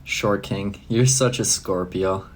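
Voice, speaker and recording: A man's voice: on the low side, takes it slowly. Man, young, casual, swears a lot, laughs often, faint background hiss. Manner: loose, profane, laughs often. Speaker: live streamer. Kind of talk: casual live-stream chat answering comments.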